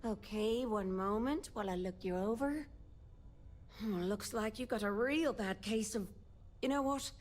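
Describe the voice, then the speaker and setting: A woman's voice: mid-range voice, measured pace, a little mellow, faint music behind, natural voice. A woman voicing a weary female doctor in a video game, with a blunt, exasperated, ranting manner. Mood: brisk.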